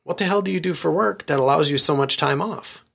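A man hosting a podcast, asking relaxed questions in a casual interview. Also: fairly high pitch, brisk, vocal fry, husky. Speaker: podcast host.

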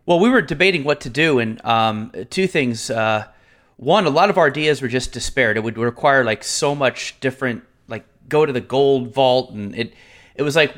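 A man co-hosting a podcast, telling stories in a chatty, animated way with fillers. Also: mid-range voice, moderate pace. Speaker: podcast co-host. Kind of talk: casual podcast chat.

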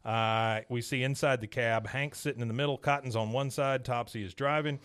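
Podcast host; bright, animated storyteller recapping a cartoon casually. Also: male voice, medium pitch, brisk, clear, resonant tone. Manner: animated storyteller, acts out quotes.

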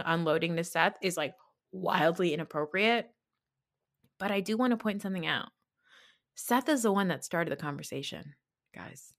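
A woman hosting a podcast, recapping reality TV in a chatty, sarcastic way and acting out quotes. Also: fairly low pitch. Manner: chatty, sarcastic, animated quoting of cast. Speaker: podcast host.

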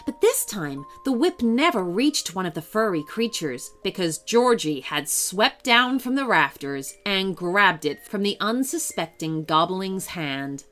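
A woman storyteller giving a scripted narration of a children's story in a lively, expressive way. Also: mid-range voice, a little slow, hardly any pauses, soft background music.

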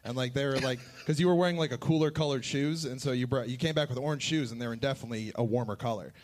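A man's voice: medium pitch, fast, darkish tone. A man co-hosting a live comedy show, telling stories in a rambling way with many fillers. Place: stage before a live audience.

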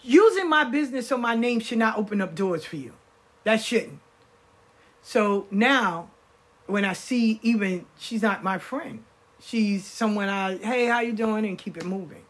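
A woman speaks in a loose, personal monologue. Her voice sits at a middle pitch. She hammers home her points and repeats phrases as she replays conversations. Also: measured pace. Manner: emphatic, repeats phrases, quotes people in conversation. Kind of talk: casual monologue.

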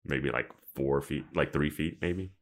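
A man's voice: rumbling low, a little slow. A man co-hosting a podcast, talking casually in a rambling way with lots of fillers. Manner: rambling, filler-heavy, laughs often. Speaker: podcast co-host. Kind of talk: casual chat.

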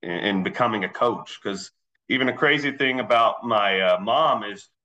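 A male swim coach tells stories in a relaxed, easygoing way as a podcast guest. His voice is bright and forceful, and the recording sounds a little dull and lo-fi. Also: lowish voice, moderate pace. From Philadelphia area, raised in Texas. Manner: easygoing storytelling with fillers. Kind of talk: casual podcast interview.

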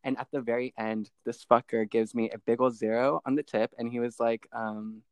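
A man's voice: medium pitch, normal speed, no room sound. Cussing man telling a story, dry sound. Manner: profane, animated storytelling. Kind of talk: casual podcast chat.

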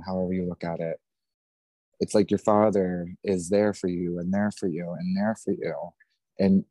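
A man in his thirties with a very low, dark voice tells a painful personal story as a podcast guest. He talks in a raw, intense way, swears freely and repeats himself. The sound is close and dry. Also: no echo. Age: 30s.

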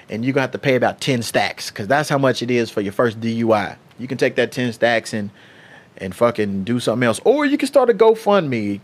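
A young man, hosting his own podcast and telling a story in a loose, profane, animated way. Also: medium pitch. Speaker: podcast host. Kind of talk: casual solo podcast storytelling.

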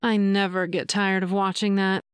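A devoted adult male lover in an audio story, tender and urgent, read by a woman narrator in her own voice. The voice is smooth and clear. It sits at a steady, narrow pitch and sounds close and dry. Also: normal speed, dry recording, natural voice.

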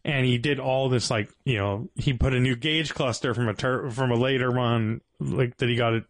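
A man's voice: mid-range voice, fairly even intonation, normal speed, dry recording. A man telling rambling stories in a casual chat about cars. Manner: laid-back, rambling storyteller.

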